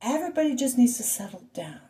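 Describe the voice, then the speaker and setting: A woman's voice: on the high side, sing-song, fast, mellow. Woman ranting in a rambling vlog. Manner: rambling, with rhetorical questions and asides. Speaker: vlogger. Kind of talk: ranting monologue.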